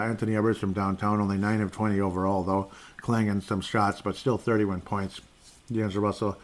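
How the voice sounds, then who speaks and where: Male podcast host, slightly low voice, casual and sarcastic, rambling stat-heavy recap. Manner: rambling, sarcastic, laughs often.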